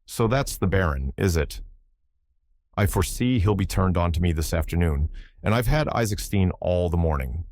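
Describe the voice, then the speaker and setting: A male narrator voicing a brisk, blunt young aristocratic woman who talks in a breezy, offhand way. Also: low-pitched, animated, darkish tone, no room sound, studio quality.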